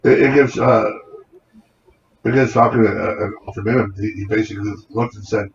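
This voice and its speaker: A man co-hosting a podcast, father of kids, talking in a halting, hesitant way in casual chat. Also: fairly low pitch, steady tone. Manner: halting, hesitant delivery with fillers. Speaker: podcast co-host. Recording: dull lo-fi sound with faint noise.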